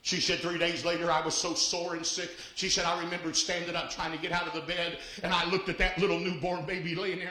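An older man preaches a sermon full of stories. His voice is bright and sits a little high for a man. It swings from hushed telling to shouted exhortation, and the room echoes around him. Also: little pitch movement, brisk, few pauses. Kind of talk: sermon with storytelling.

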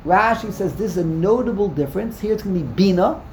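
A man's voice: high voice, fast, reverberant, slight background noise. A man teaching a text-study class, explaining emphatically, often repeating words and restarting sentences. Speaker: Torah teacher.

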